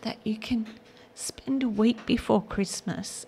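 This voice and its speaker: Older woman, gospel radio host; slow, gravelly, earnest and emotional delivery. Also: on the high side, a little mellow, a little hiss or hum. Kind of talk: radio devotional talk.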